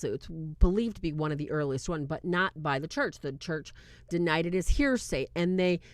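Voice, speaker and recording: A woman hosting a casual movie review, talking in an animated, incredulous way and often breaking into laughter. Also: lowish voice, no echo, clean studio sound. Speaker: video host.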